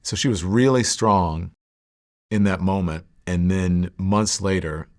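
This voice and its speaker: A middle-aged man telling his life story in a sit-down interview, reflective and halting, with many fillers and restarts. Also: low-pitched, darkish tone. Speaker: interview guest.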